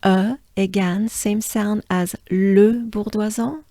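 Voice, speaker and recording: A woman from France with a French accent, patiently teaching pronunciation and repeating sounds slowly. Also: medium pitch, expressive, mellow, dry recording, studio quality. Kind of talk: slow pronunciation lesson.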